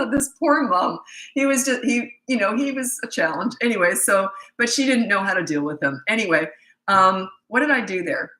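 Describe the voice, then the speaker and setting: Bright, no-nonsense middle-aged woman. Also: mid-range voice, moderate pace, echoey room, rough recording. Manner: direct, no-nonsense, animated retelling. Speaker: parenting coach. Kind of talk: casual storytelling advice.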